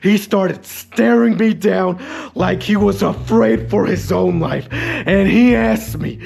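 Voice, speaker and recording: A man telling a comedic story about his school days, dramatic and exaggerated, sometimes bursting into shouts. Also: sits high, slow, vocal fry, soft background music. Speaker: storyteller and channel host.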